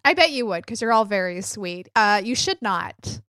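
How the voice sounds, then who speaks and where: A woman hosts a casual solo podcast, chatting sarcastically and making fun of herself. Her medium-pitched voice is bright and forceful, with lively intonation at a moderate pace, in a dry, clean studio recording.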